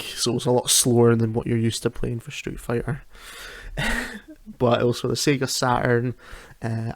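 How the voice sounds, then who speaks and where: With a medium-pitched, somewhat dark voice and no echo, a man hosts his podcast alone at home at night. He's chatty and self-mocking, laughing frequently and rambling with lots of restarted sentences.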